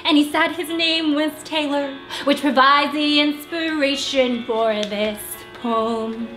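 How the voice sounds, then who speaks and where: A young woman singing a musical theatre song as a shy girl smitten with a barista, in dreamy, drawn-out phrases. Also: high-pitched, steady tone, a bit bright. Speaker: auditioning actor. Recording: echoey room, faint music.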